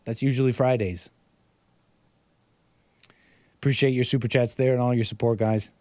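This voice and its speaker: A man's voice: mid-range voice, steady tone, normal speed, darkish tone, dry recording. A man hosting a casual livestream, reading viewer messages and rambling sarcastically with frequent restarts. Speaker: livestream host.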